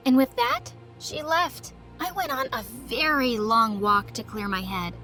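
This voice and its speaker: Young woman, high voice, dramatic story narrator, faint music bed. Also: big pitch swings, a little slow, bright, forceful tone. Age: young adult. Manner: emotional, dramatic.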